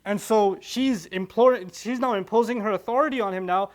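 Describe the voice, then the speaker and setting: A man giving a religious reminder, telling a scripture story with animated acted-out quotes and quick recitation of Arabic verses. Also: high-pitched. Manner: animated, acts out quoted characters. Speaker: preacher.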